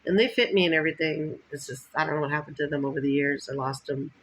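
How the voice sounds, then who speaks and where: A woman's voice: sits low, fast, slightly rough, low-quality recording. A woman from Los Angeles County chatting casually in a rambling vlog, laughing often and acting out what others said. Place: lying down at home.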